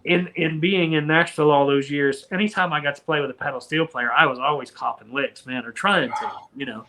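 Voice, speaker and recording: A man's voice: fairly high pitch, fairly quick, pushed and bright. A man talking as a guest guitarist in a casual chat, easygoing and laid-back, often dropping "man".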